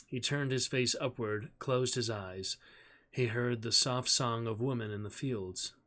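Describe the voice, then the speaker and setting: A man streamer reading a novel aloud in a measured, steady storytelling voice. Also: medium pitch.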